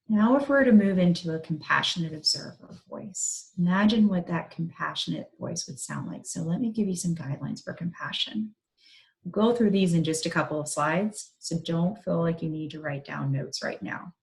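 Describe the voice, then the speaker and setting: A woman in her thirties, a psychologist gently guiding listeners through a reflective exercise in an online talk. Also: fairly low pitch, low-quality recording. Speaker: psychologist giving a parent talk.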